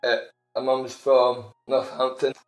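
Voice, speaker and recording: A man's voice: mid-range voice, monotone, a little slow. A Scottish man co-hosting a podcast, telling an amused, rambling anecdote in a casual chat. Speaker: podcast co-host. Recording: roomy echo.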